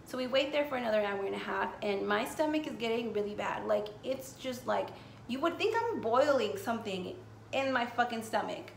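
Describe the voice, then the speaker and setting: A woman's voice: on the high side, lively intonation, normal speed, vocal fry, roomy sound, slight background noise. A woman from the United States telling a casual storytime vlog, rambling with lots of swearing and filler words. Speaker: vlogger.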